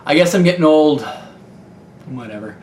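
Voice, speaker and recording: A man's voice: fairly high pitch, animated, moderate pace, darkish tone. A young man from Ohio with a Midwestern American accent, a gaming YouTuber answering viewer questions in a rambling, candid way with lots of fillers. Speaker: YouTube gaming video maker. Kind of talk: casual Q&A vlog. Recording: echoey room with faint noise.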